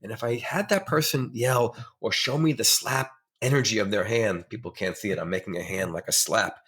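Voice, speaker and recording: A man's voice: lowish voice, a little fast, fairly bright tone. A middle-aged man speaking as a therapist guest in a conversational interview, earnest and emphatic, explaining ideas through examples.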